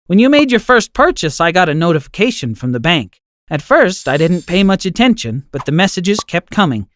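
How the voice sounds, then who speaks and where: A man voicing a kindly, forgiving old grandmother in an animated story, speaking softly and soothingly in a raised voice. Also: sits high, no room sound, pitched above the performer's own voice.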